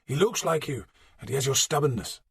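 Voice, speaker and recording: A man voicing a fond elderly priest who gently chides an old friend. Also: medium pitch, lively intonation, brisk, creaky, breathy edge, dry recording, studio quality, full character voice. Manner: gentle, chiding, affectionate.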